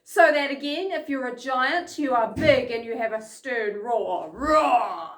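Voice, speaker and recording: A woman leading an energetic children's lesson, chanting and calling out game sounds. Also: high-pitched, moderate pace. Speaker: children's program instructor. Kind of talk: lively kids' lesson from home. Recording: echoey room.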